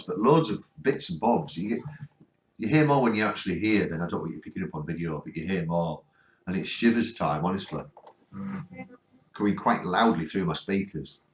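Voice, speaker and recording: A northern English man runs a spirit box session on a ghost hunt, pleading again and again for the spirits to answer. His voice sits fairly low. The sound is roomy and echoing. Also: slight background noise. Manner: coaxing, earnest, keeps pleading for replies. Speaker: ghost hunting vlogger. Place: cold spot on a ghost hunt.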